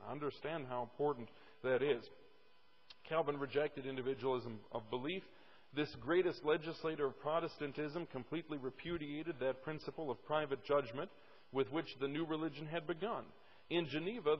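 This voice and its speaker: A man's voice: fairly high pitch, normal speed, big-room sound, highs cut off. A male pastor preaching a sermon emphatically, repeating words for stress, at a church pulpit mic.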